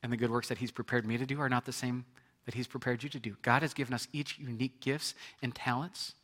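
A man's voice: medium pitch, steady tone, fast talker, fairly bright tone. A man preaching a sermon as pastor, conversational, with repetitions and asides to the congregation.

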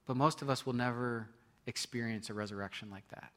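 A man's voice: medium pitch, brisk, fairly bright tone. A man preaching a sermon, earnest and building to emphatic points, with frequent restarts. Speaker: pastor.

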